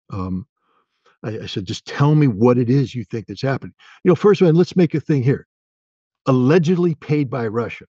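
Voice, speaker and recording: An American man in his sixties speaks in a mid-pitched voice with many restarts, pressing his points hard and defiantly. The audio is dull and dry, like a remote call. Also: lively intonation, no room sound. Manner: halting and emphatic, many restarts, grows forceful and defiant. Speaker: interview guest. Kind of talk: remote interview answer.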